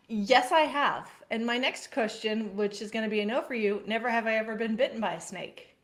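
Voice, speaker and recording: Lively woman co-host telling a story. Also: on the high side, normal speed. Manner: animated storyteller, laughs often. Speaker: podcast co-host. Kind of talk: casual chat, telling a story. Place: farm household.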